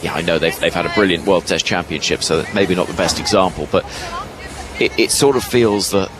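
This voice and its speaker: A man giving ball-by-ball cricket commentary from a ground's commentary box, lively and rising with each delivery. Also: sits low, brisk, music in the background, crowd noise. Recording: broadcast with loud ground noise behind.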